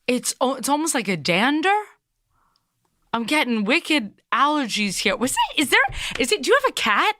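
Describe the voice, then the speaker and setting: A woman's voice: high-pitched, sing-song, normal speed, pushed and bright, no room sound, clean studio sound, heavily acted. A woman impersonating a chatty middle-aged psychic medium with a Long Island accent, rambling with many fillers in a comedy sketch. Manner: rambling, full of fillers and restarts.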